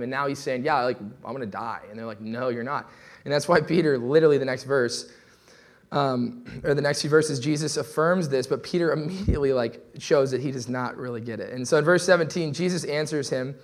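A young man giving a sermon from the pulpit with an easy, chatty delivery. His voice sits at an ordinary middle pitch, and he keeps slipping into quick acted-out asides before returning to the text. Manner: casual conversational preaching, lively with asides. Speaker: pastor.

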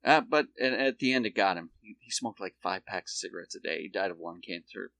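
A man's voice: sits low, fairly quick, bright, forceful tone, no room sound. Male podcast co-host, crude storyteller, dry close mic. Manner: rambling storyteller, swears, acts out quotes in shifting voices. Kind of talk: casual chat.

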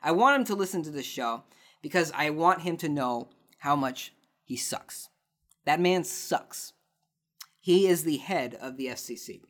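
A man's voice: on the high side, lively intonation, unhurried, fairly bright tone. Sarcastic ranting podcast host, a man. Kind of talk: casual chat answering listener questions.

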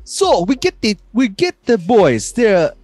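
A man's voice: high-pitched, big pitch swings, darkish tone, no room sound, soft background music, pitched above the performer's own voice, exaggerated voice. A man putting on a Jamaican-accented storyteller. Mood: playful. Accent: put-on Jamaican. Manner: halting, giggly, struggling to hold the accent.

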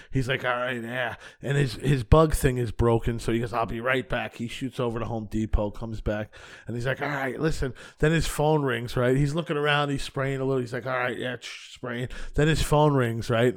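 Profane, animated male comedian storyteller. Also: mid-range voice, brisk, no room sound, studio quality. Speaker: podcast guest, stand-up comedian. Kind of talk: casual storytelling chat.

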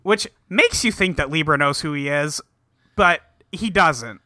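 A man's voice: a little high, animated, a little slow, bright, forceful tone, no echo, clean studio sound. A man casually recapping an episode with a co-host, rambling with many ums and acting out the characters' lines. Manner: rambling retelling with many ums and quoted dialogue. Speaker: podcast co-host.

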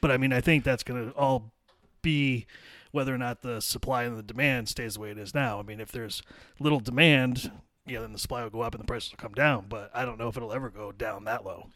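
A man's voice: medium pitch, steady tone, brisk, fairly bright tone, no room sound. Contractor guy, laid back, chuckles a lot, dry close mic. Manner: easygoing, agreeable, chuckles often. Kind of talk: casual chat.

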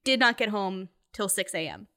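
A woman's voice: mid-range voice, animated, moderate pace, sharp tone. A young woman telling a personal story in casual conversation, full of fillers and laughing asides. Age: young adult. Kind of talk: casual chat.

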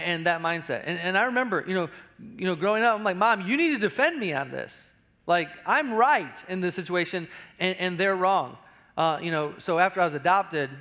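A man's voice: a little high, gravelly, pushed and bright. A middle-aged male pastor preaching a sermon in a conversational way, often repeating words as he talks. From United States.

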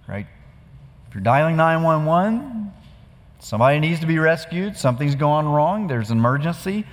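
A pastor giving a sermon in a conversational, storytelling way, with rhetorical questions to the congregation. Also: male voice, on the high side, sing-song, normal speed, big-room sound.

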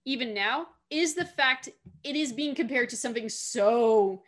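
A woman's voice: a little high, measured pace. A woman casually discussing a film, chatty and self-correcting, often laughing. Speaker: podcast co-host.

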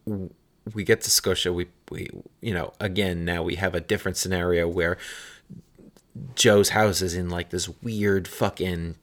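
A man's voice: deep voice, steady tone, moderate pace, fairly bright tone. A man in his thirties telling a casual, rambling anecdote with frequent restarts and some swearing.

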